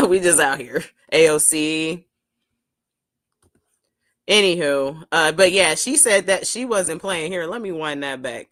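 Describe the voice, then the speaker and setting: A casual vlog host talks loosely over clips, cursing freely and tossing out joking asides. The voice sits at a middle pitch and sounds close and dry, recorded in a small cramped studio. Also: fairly bright tone, dry recording. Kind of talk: casual commentary.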